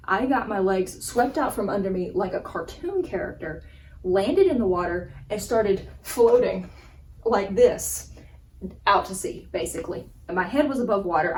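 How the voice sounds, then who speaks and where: A young woman vlogger telling a funny personal story in a casual, animated way, laughing as she goes. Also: mid-range voice, far from the mic, rough recording. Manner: animated, laughing, acts out gestures. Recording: voice a bit off-mic with faint background ambience.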